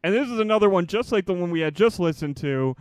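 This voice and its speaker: A man's voice: sits high, animated, fast talker, smooth, no echo, studio quality. A man co-hosting a comedy podcast, introducing clips in rambling casual chat full of fillers and laughs. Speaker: podcast co-host.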